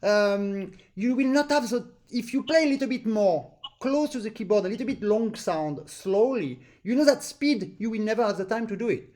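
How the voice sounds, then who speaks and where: Animated and high-sitting, with a darkish tone, this man speaks at a normal speed in a French accent as a non-native English speaker. During his live online accordion master class, he voices rhythms through sung syllables.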